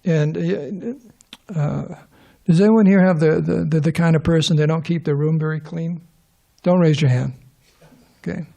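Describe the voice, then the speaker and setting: A man's voice: fairly high pitch, unhurried, creaky, long pauses, dark tone. A middle-aged man giving an informal scripture class to a live audience in a temple hall, rambling, restarting sentences and tossing questions to the listeners.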